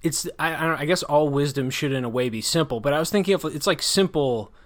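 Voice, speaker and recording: A man's voice: fairly high pitch, fast talker. A man hosting a casual book discussion, talking in a critical, rambling way full of restarts and hedges. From United States. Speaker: podcast host discussing a book.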